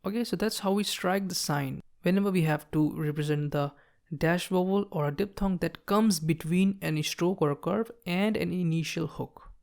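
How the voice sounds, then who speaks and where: A woman's voice: fairly low pitch, normal speed, gravelly, a little mellow. A woman teaching shorthand in a patient tutorial, explaining each stroke as she writes and often checking in with "okay, so see". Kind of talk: step-by-step tutorial.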